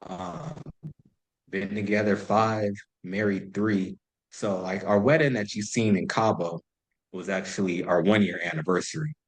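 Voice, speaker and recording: A man's voice: low-pitched, steady tone, unhurried, low-quality recording. A man in his thirties, a podcast guest, telling stories in loose, profane casual chat full of "like". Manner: loose and profane, heavy use of "like".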